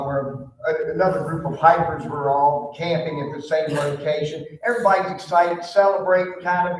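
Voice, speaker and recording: A man's voice: a little high, a little mellow, a little hiss or hum. A man, a pastor telling a folksy story from the pulpit with many fillers. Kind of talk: storytelling sermon. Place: church sanctuary. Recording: echoey church hall, mic far off.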